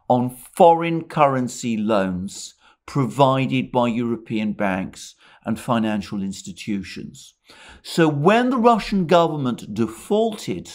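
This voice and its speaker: A man giving a solo spoken analysis of current affairs, measured and explanatory, sometimes restarting a phrase. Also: medium pitch. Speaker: political commentator.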